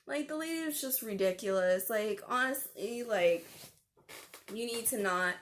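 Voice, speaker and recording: A woman's voice: fairly high pitch, animated, a little slow. A young woman in a storytelling vlog, talking animatedly and indignantly about a customer call from her call center job, with lots of fillers. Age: young adult. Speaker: vlogger.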